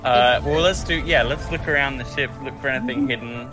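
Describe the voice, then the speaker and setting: A man's voice: mid-range voice, fairly quick. Teasing male player, music behind. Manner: joking, teasing, laughs often. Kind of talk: casual tabletop game chat.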